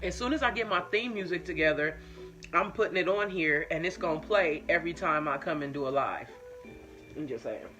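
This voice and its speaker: A woman's voice: deep voice, fairly quick, sharp tone, soft background music. A woman hosting a live stream in casual chat. She tells her own stories candidly with plenty of swearing and reads viewer comments aloud. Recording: muffled lo-fi stream audio.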